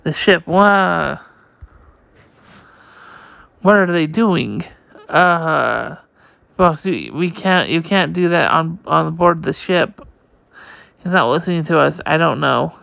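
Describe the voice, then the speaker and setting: Slow, gravelly man reading comics. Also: fairly high pitch, a bit bright, no echo. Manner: halting, slow reading with many restarts. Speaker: comic reader.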